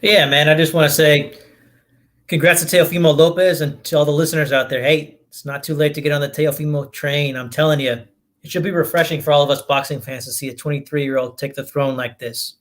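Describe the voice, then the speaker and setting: An earnest man on a boxing podcast who speaks with enthusiasm. His voice sits slightly high. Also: steady tone, brisk, fairly bright tone. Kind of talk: boxing opinion talk.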